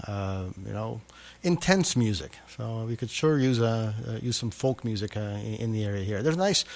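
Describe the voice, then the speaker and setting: Hesitant radio host. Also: male voice, medium pitch. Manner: hesitant, many "uh" fillers and repeated words. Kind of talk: radio interview.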